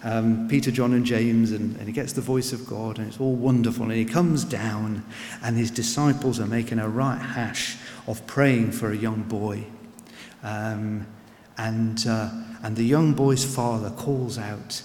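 A man preaching a sermon in an earnest, unhurried way, repeating words as he goes. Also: on the low side, steady tone, a little mellow, slight background noise. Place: church. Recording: echoey church with long reverb.

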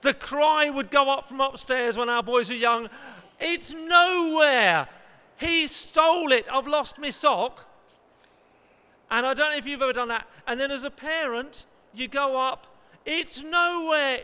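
A middle-aged man preaching a lively sermon, acting out panicked voices and asking the audience questions. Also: extremely high pitch, clear, resonant tone.

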